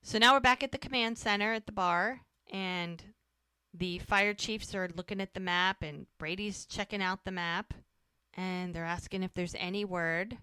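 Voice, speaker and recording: A woman co-hosting a podcast, recapping a TV episode in a lively, casual way and acting out the characters' lines. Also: medium pitch, moderate pace, clean tone, dry recording. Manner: animated retelling, acting out quoted lines. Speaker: podcast co-host.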